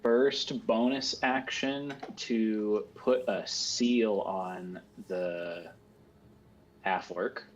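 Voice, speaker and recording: A man takes his turn in a tabletop game, hesitant and thinking aloud as he works out his character's actions. His voice sits low and his pace is slow. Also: fairly even intonation, low-quality recording. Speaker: player. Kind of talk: casual tabletop play.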